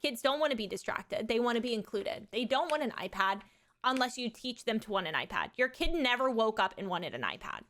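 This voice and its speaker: Bright-voiced rambling woman streamer. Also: on the high side, big pitch swings, a little fast. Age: 30s. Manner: rambling, frank, swears casually. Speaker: streamer and mother. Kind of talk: casual livestream chat.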